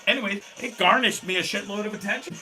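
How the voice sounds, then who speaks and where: Bright-voiced, rambling host. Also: male voice, high voice, fast. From Canada. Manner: rambling, profane, laughs often, many restarts. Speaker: host of a live show. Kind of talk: rambling live-stream chat. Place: small home studio. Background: faint background music.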